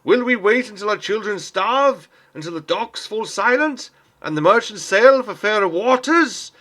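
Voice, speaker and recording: A man voicing a male agitator on a crate who shouts to a crowd with frustration and conviction. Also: sits high, expressive, normal speed, pitched above the performer's own voice. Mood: fiery, shouting. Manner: shouting, impassioned, insistent. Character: angry male rabble-rouser shouting from a crate.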